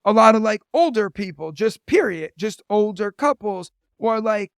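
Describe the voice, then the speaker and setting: This high-pitched, animated guest, a teacher and comedian in his thirties, chats on a podcast at normal speed, filling his stories with "like." His tone is clear and resonant, and the studio sound is clean with no echo.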